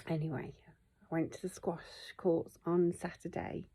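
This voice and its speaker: A woman's voice: on the low side, fairly even intonation, unhurried, dark tone, breathy edge. A middle-aged woman, telling a personal story in a candid, emotional vlog and swearing freely. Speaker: vlogger.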